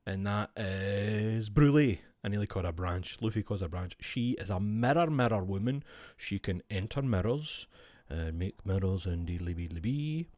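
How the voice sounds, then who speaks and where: Sweary Scottish man, low dry voice. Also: animated, normal speed, darkish tone, no echo. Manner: chatty, sweary, explaining with gusto. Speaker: streamer. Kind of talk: casual chat while showing cards.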